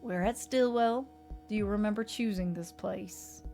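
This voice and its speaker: Calm tired son, read by a woman, gently insistent, for a horror visual novel, faint music underneath. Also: medium pitch, a little slow, close to an everyday voice. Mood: weary. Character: weary adult son, patient and calm.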